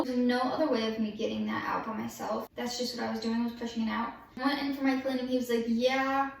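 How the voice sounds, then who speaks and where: A woman's voice: fairly high pitch, far from the mic. A woman vlogger telling her story casually and candidly while in pain after dental surgery. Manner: candid, chatty, expressive. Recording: echoey room, voice off-mic. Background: faint yard work noise outside.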